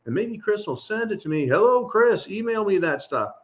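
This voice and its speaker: A man's voice: high-pitched, very animated, moderate pace. A man hosting his own channel, talking through a casual, rambling monologue in an exasperated, sarcastic way. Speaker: channel host.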